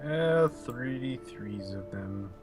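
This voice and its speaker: A relaxed co-host chats and jokes along with a gamebook reading, dropping casual swears. The pitch swings about lively around a middle level. Clear music plays behind the talk. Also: takes it slowly. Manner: laid-back, joking, swears casually. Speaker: co-host player. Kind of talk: casual chat.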